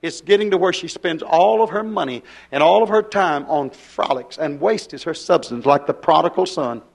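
A man preaching a fiery revival sermon. He acts out dialogue in his sermon and drops to a hush at times. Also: a little high, moderate pace, gravelly.

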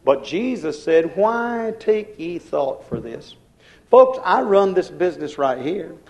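High-voiced man preaching a folksy sermon. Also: big pitch swings, takes it slowly, rough recording. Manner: folksy preaching, calls out to the congregation. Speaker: minister.

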